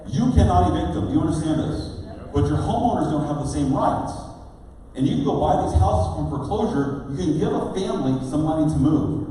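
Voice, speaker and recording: A middle-aged man giving a motivational seminar speech, energetic and firing rhetorical questions at the crowd. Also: on the high side, a little fast, slight background noise. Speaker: real estate seminar speaker. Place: large event hall. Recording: echoey hall recording from far off.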